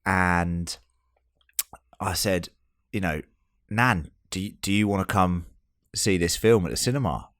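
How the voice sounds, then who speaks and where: A man's voice: sits low, a little slow, fairly bright tone, no echo, studio quality. A man in his thirties hosting a casual podcast chat, bantering and swearing freely. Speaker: podcast host.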